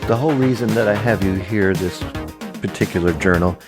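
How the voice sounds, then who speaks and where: A man's voice: lowish voice, a little fast, over music. A man hosting a comic retro news chat, reading facts with dry jokes. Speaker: host of a retro journal show.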